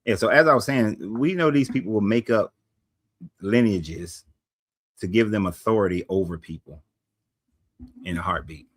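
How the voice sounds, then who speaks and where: A man's voice: on the low side, moderate pace, long pauses, breathy edge, no echo. A man hosting a casual livestream, talking bluntly in a rambling way and often correcting himself. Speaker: livestream host.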